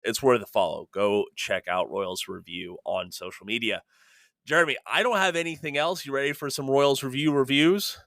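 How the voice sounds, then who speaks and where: A man hosting a casual sports podcast, upbeat and smooth as he chats and reads plugs into a close microphone. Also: mid-range voice, normal speed, a bit bright, dry recording. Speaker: podcast host.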